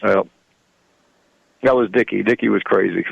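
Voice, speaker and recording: A man's voice: on the low side, fairly even intonation, normal speed, creaky, no echo, lo-fi sound. A man in his sixties, a radio show guest, telling rambling stories in folksy grammar and chuckling often. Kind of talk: casual storytelling.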